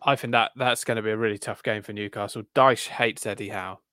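Male podcast co-host, smooth resonant voice, dry close sound, chatty and wry. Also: fairly low pitch, brisk, no echo. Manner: chatty, self-deprecating, animated asides. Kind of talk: casual chat.

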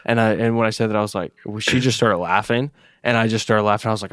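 A man's voice: medium pitch, quick pace, no echo, clean studio sound. A man co-hosting a podcast, telling a rambling, profane story in casual chat. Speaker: podcast co-host.

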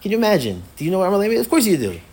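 A man's voice: high voice, wildly swooping pitch, very fast, a little mellow, slightly rough. A man teaching a Torah class as a rabbi, with playful, self-mocking humor and words he often repeats as he thinks aloud. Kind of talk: animated Torah lecture.

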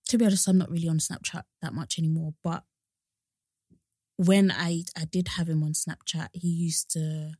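A woman's voice: deep voice, little pitch movement, darkish tone, breathy edge, no echo, clean studio sound. A young woman co-hosting a podcast in casual chat, laughing often. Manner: chatty, laughs often, quick asides. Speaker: podcast co-host.

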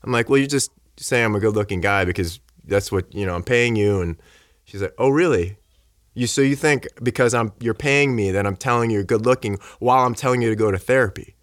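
Low-voiced man telling a lively story. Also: a little fast, no echo, clean studio sound. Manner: animated, acts out quoted dialogue; many fillers like "like" and "you know". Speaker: podcast guest. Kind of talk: casual storytelling chat.

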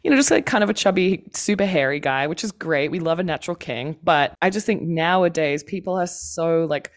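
A woman co-hosts a casual film podcast with a low, dusky voice. She rambles through her thoughts in quick, chatty bursts. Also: animated. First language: not American. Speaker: podcast co-host.

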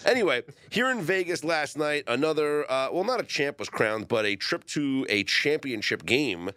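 A man's voice: a little high, normal speed, no room sound. A man hosting a sports betting talk show, chatting casually and animatedly with his co-hosts. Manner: animated, laughs often, rising excitement.

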